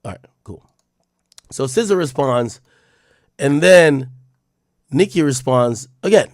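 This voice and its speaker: Male streamer, mid-pitched, rambling, swears a lot, mutters to himself, close and dry. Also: lively intonation, takes it slowly, no room sound. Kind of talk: livestream commentary reading posts aloud.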